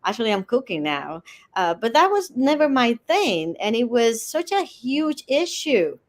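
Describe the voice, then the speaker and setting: Passionate Dominican-accented woman, higher voice. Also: unhurried. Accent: Dominican Spanish. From Dominican Republic. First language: Spanish. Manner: passionate, animated storytelling. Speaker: guest author. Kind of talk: casual interview.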